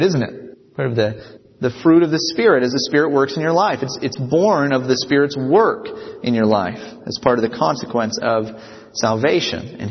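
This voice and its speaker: A man preaching a sermon as a pastor. He speaks earnestly and keeps checking in with the congregation by asking "right?". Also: medium pitch. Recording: dull sound with long reverb of a hall.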